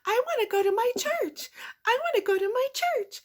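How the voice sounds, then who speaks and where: A woman putting on a high, soft, sanctimonious voice to mock a churchgoing man. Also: expressive, moderate pace. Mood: whiny mocking.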